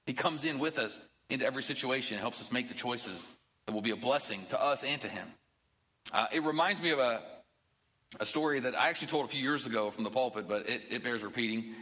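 A middle-aged man, a pastor, preaching a sermon in a church in a relaxed, conversational way, with jokes and asides. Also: medium pitch, fast talker, big-room sound, low-quality recording. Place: church sanctuary.

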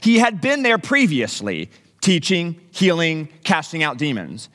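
A middle-aged man preaching a sermon as pastor, conversational and animated, with humorous asides to the congregation. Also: a little high, measured pace, big-room sound.

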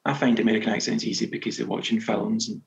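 A Scottish man, a novelist, chatting as a guest in a casual interview and telling stories in a relaxed, self-deprecating way. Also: fairly low pitch, fast, gravelly, lo-fi sound. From Scotland.

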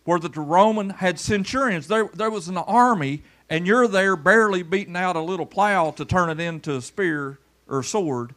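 A pastor preaching a folksy sermon in church, pulling people up front for a demonstration and swinging between loud calls and low murmurs. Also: male voice, moderate pace, hardly any pauses. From Kentucky.

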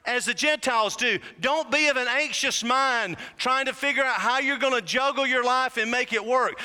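A man preaching a sermon, fervent and humorous, rising to shouted whoops. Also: very high-pitched, a little fast, few pauses, smooth. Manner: humorous asides to the congregation. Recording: long hall reverb.

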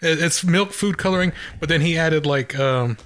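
A man's voice: on the high side, moderate pace, a bit bright. A man from Wyoming co-hosting a podcast in casual, rambling chat and laughing often. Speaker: podcast co-host.

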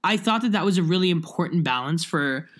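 A woman's voice: lowish voice, lively intonation, fairly quick. A young woman chatting casually as a podcast co-host. She rambles, with lots of fillers and restarts. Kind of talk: casual chat.

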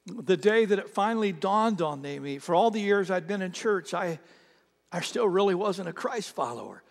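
A man's voice: high voice, animated, moderate pace, vocal fry. A man preaching a sermon as a pastor, telling stories earnestly and repeating words as he builds them. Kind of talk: sermon storytelling. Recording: long reverb of a large hall.

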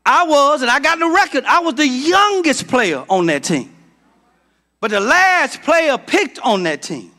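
A middle-aged man from Georgia preaching a sermon as pastor, building to shouts and calling out to the congregation. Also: extremely high pitch, big pitch swings, a little slow. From Georgia, United States.

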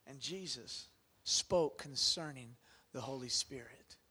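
A man preaching a sermon to a congregation, asking them questions and swinging from loud bursts down to hushed near-whispers. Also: medium pitch, takes it slowly, breathy edge. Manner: conversational, asks the congregation questions. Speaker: pastor.

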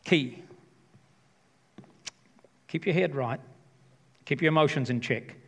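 Passionate pastor in a reverberant hall. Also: male voice, on the high side, slow, a bit bright, husky. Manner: passionate, emphatic, repeats key phrases. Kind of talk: sermon.

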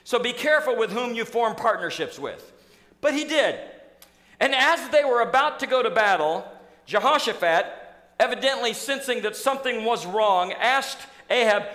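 A man preaching a sermon in a church, telling a story in an animated, acting-out way. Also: very high-pitched, moderate pace. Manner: storytelling, animated, acts out scenes. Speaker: pastor. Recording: echoey church hall.

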